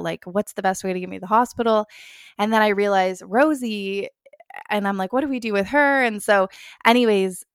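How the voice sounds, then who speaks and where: Young woman rambling through a story, lots of likes, bit of vocal fry, dry close sound. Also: mid-range voice, fairly bright tone, no echo. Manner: chatty, full of "like" fillers, acts out her own past lines. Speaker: vlogger. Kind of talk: casual storytelling.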